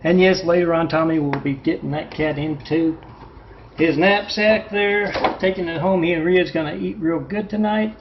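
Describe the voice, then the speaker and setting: A man's voice: fairly high pitch, moderate pace, lo-fi sound, background noise. A man telling a meandering, conspiratorial monologue as a vlogger, with many fillers and restarts. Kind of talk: rambling monologue.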